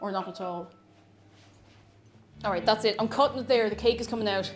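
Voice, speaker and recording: A woman's voice: medium pitch, a little fast. A young woman hosting a live baking stream in her home kitchen. She chats casually, reads viewers' messages aloud and hums while she works. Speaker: livestream host baking. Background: background music.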